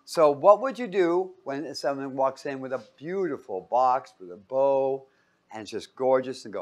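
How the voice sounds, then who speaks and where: A man's voice: medium pitch, lively intonation, moderate pace, darkish tone. A man teaching a Bible class in a playful way, quizzing his listeners and joking with them as he talks to a live group. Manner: playful, quizzes the audience and jokes.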